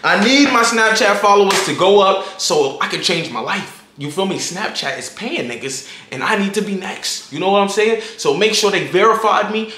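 A young man with a high, lively voice tells a casual story to his viewers, hyped and slangy, always checking that they follow. His tone is sharp and bright, and the room around him gives a clear echo. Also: a little hiss or hum. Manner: hyped, slangy, keeps asking "you feel me". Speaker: vlogger telling a story. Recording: roomy echo.

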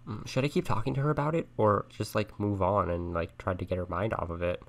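A young man playing a chat game on stream, thinking aloud and softly reading the messages on screen. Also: fairly low pitch, fairly even intonation, fast, creaky. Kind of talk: casual let's-play commentary. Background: game music and keyboard typing.

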